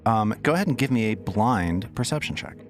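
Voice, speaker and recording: A man narrating a tabletop game as game master, relaxed, unhurried and wry. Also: fairly low pitch, faint music behind.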